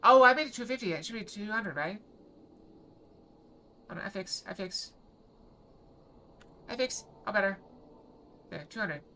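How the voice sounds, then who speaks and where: A woman chatting quickly and playfully to her live-stream viewers while gaming, sometimes reading game lines aloud. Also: mid-range voice, lively intonation, bright, forceful tone, a little hiss or hum. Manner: fast-talking, bubbly, apologizes for talking too fast; reads game dialogue aloud.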